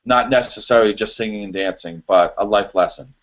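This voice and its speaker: A man, a show choir choreographer chatting as a guest on an interview show, lively, filler-heavy and quick to laugh. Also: fairly low pitch. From US East. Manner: animated storyteller, laughs easily, many fillers. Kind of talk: casual interview chat. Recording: dull lo-fi audio.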